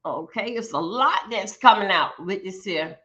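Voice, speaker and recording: A woman's voice: mid-range voice, animated, normal speed, pushed and bright, lo-fi sound. A woman hosting a livestream, giving blunt, profane ranting commentary and often stumbling over repeated words. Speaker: livestream host.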